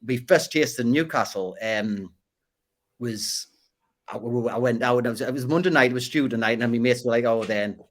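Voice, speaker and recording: A man's voice: medium pitch, normal speed. A man with a Geordie accent, a podcast guest telling stories in casual conversation, repeating and restarting words as he goes. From Northeast England. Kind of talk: casual interview storytelling.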